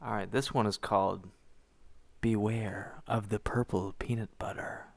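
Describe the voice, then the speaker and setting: A man on a podcast, reacting quickly and playfully in relaxed conversation with his co-hosts. He speaks casually and keeps things light. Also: lowish voice, vocal fry. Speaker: podcast co-host. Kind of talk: casual chat.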